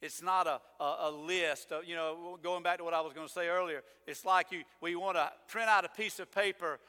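A man's voice: fairly high pitch, steady tone, brisk, bright, forceful tone, smooth. A male pastor preaching a sermon in a conversational, emphatic way, breaking into sarcastic asides. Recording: long reverb of a church hall.

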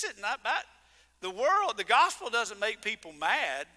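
A man preaching in an animated, exclaiming way, trading jokes with the people in the pews. His voice sits high and sounds very bright and sharp. It carries a long reverb, the sound of a big church sanctuary. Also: measured pace, vocal fry. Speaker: pastor. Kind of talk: sermon. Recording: long reverb of a large hall.

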